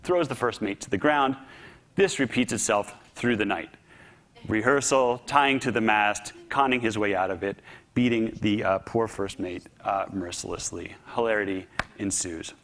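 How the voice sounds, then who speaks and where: A man giving a public talk, telling a story with humor and lively delivery. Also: fairly low pitch, moderate pace. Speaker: speaker.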